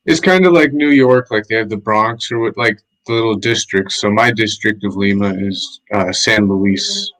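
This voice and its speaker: A man's voice: lowish voice, moderate pace, few pauses, fairly bright tone, poor audio. A man chatting casually on a home livestream, laid-back and chatty, leaning on "like" a lot. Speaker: guest streamer. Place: home, living in Lima. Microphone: streaming mic setup.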